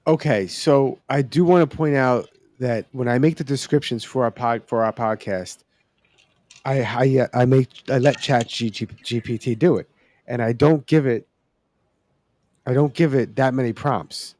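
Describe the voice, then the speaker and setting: Chill dude cohosting a podcast, kinda halting, lots of uhs, regular voice. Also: male voice, medium pitch, darkish tone. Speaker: podcast co-host. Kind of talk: casual chat.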